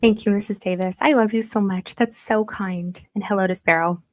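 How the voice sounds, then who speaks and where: A woman's voice: mid-range voice, fairly even intonation, normal speed. Chatty woman hosting a livestream. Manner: chatty and effusive, often thanking viewers; hesitant with frequent fillers while reasoning. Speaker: livestream host. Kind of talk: live-streamed investigative commentary.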